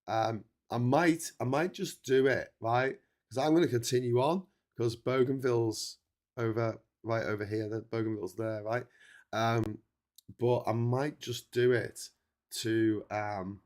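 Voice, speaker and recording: A middle-aged man chats loosely to his livestream viewers, with a cold in his voice. He rambles, stops and restarts his sentences, and fills the gaps with ums and uhs. His voice sits in an ordinary middle pitch. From England. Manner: rambling, many fillers and restarts. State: has a cold. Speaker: livestream host. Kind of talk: casual livestream chat.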